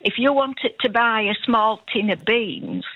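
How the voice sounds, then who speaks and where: A woman's voice: fairly high pitch, animated, unhurried, husky, no room sound. Older Yorkshire woman caller, homely and rambling, dry muffled line. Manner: chatty, homely, rambling with asides. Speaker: radio phone-in caller. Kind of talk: casual phone-in chat.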